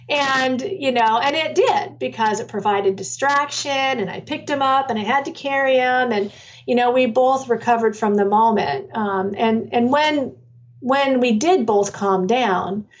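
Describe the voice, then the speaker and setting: A woman's voice: on the high side, a little slow, recorded from a distance, muffled recording. A middle-aged woman, an author and parenting workshop leader, telling her story in a loose, rambling way full of fillers and restarts. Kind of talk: conversational storytelling interview.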